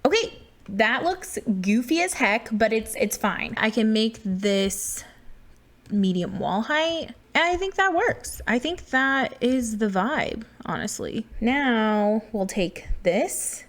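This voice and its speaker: A woman giving casual, self-deprecating commentary while building in a game, thinking aloud as she works. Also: mid-range voice.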